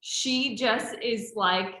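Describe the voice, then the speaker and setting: Bright, lively woman in an echoey room. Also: fairly high pitch, very slow. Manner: lively, talkative, encouraging. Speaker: trainer answering team questions. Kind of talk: casual group chat. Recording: roomy echo.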